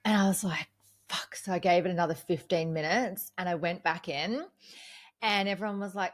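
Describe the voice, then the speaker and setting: A woman's voice: fairly low pitch, a little fast. Candid woman telling a raw story. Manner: candid, animated retelling with acted-out quotes and frequent swearing. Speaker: podcast guest. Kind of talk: personal storytelling in conversation.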